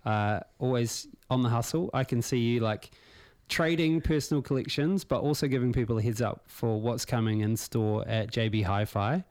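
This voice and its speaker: A man's voice: mid-range voice, normal speed, hardly any pauses, darkish tone. Laid-back New Zealand radio host guy. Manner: loose, laid-back slang with many fillers. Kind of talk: casual radio chat. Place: radio studio. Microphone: studio microphone.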